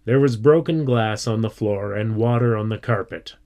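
A man reading a children's story aloud as narrator, deliberate and steady. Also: fairly low pitch. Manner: slow, deliberate. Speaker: reader.

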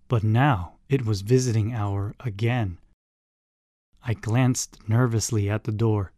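A man reading a children's story aloud, in a measured, expressive way. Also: mid-range voice, no room sound, studio quality. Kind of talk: scripted narration of a children's story.

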